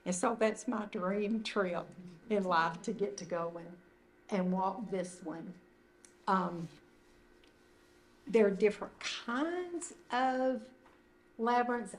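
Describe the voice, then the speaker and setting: An older woman speaks at a middle pitch, leading a retreat group through an informal teaching talk. Her phrasing is loose, gentle and conversational, in an indoor meeting room. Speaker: retreat leader.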